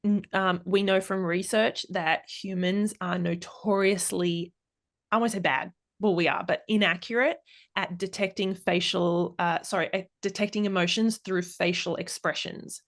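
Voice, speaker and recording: A woman's voice: fairly low pitch, fairly even intonation, moderate pace. A woman speaking as a podcast guest and expert, explaining in a casual, thoughtful way with frequent restarts and fillers. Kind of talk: casual interview chat.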